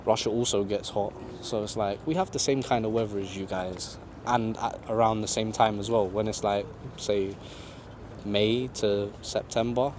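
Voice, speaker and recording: Guy, lowish voice, easygoing outdoor interview chatter, faint traffic behind. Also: fairly even intonation, moderate pace. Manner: laid-back, conversational, lots of "you know". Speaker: travel vlogger being interviewed. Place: outdoors in a city park.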